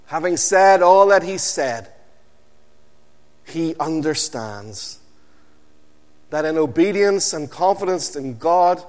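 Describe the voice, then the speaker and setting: Slow-preaching man in a reverberant hall. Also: on the high side, animated, a little mellow. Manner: slow, emphatic, with dramatic pauses and a falling close. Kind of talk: sermon.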